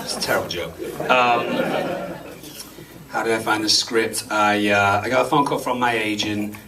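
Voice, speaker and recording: A man, an actor answering audience questions after a screening, chatty and self-deprecating and quick to laugh. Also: on the low side. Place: cinema auditorium before an audience. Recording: distant mic with faint room noise.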